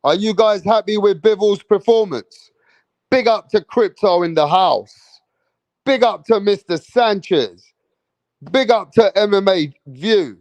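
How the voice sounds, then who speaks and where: A man's voice: sits high, lively intonation, unhurried, darkish tone, no echo. A man from England hosting a live boxing stream, hyped and profane, repeating his points. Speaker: boxing channel host.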